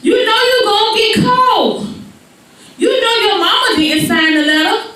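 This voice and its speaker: A woman voicing a disappointed father lecturing his daughter, slow and repetitive, in an echoey venue from far off. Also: high-pitched, very animated, a bit bright, heavily acted.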